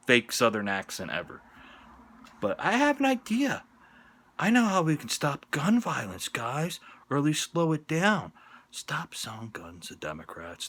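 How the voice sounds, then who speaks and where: A man from the northern United States giving sports picks on his vlog in a profane, sarcastic rant, jumping between loud jabs and muttered asides. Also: mid-range voice. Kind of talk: ranting sports opinion vlog. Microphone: on-camera vlog mic.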